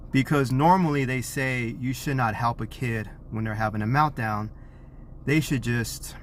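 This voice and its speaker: A man, a parent, earnestly telling a personal story to camera, animated and acting out what was said. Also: mid-range voice, slight background noise. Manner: earnest, animated retelling with acted quotes; self-described introvert.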